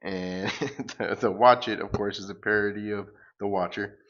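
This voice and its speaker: A man's voice: fairly low pitch, steady tone, moderate pace, a bit bright, dull audio. A man hosting a comic reading, giving casual commentary with amused, chuckling asides. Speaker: comic book reader and channel host. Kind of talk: casual read-aloud commentary.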